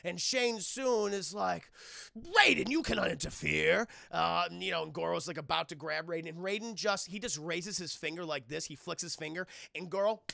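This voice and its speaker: A young adult man recapping a film on a live stream in a casual, animated, profane way, talking to his chat. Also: high voice, moderate pace, gravelly, few pauses, no echo.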